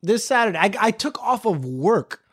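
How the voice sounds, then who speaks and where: Man, podcast host, casual storytelling, profane, lively pitch. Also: moderate pace, slightly rough. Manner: animated, profane, repeats phrases for emphasis.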